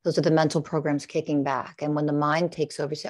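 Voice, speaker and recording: Low-voiced woman guiding a meditation. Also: flat delivery, a little mellow. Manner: slow, soothing guiding cadence with repeated affirmations. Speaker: guest, spiritual teacher. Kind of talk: guided heart-centered meditation coaching.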